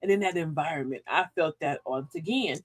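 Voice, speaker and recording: A woman's voice: sits low, a little fast, dry recording. A middle-aged woman hosting a casual livestream talk, folksy and sassy, preaching advice and laughing often. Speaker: livestream host.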